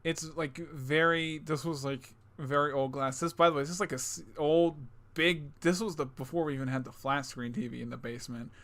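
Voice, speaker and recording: A young man co-hosting a casual reaction chat, excitable and swearing, talking over a call. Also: a little high, fairly quick. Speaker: channel co-host. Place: home, remote call.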